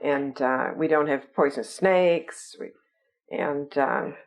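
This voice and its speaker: An older woman with an English accent, telling stories in an oral history interview, lively and full of fillers. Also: deep voice, slow, rough recording. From England. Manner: lively, teasing storyteller with many fillers.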